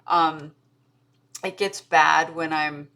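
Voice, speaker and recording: A woman's voice: low-pitched, fairly even intonation, very slow, bright, forceful tone. A woman with an American accent touched by an Australian tinge, telling stories in a rambling casual chat as a podcast co-host. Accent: American with a slight Australian tinge. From United States. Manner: rambling, self-interrupting storyteller with fillers.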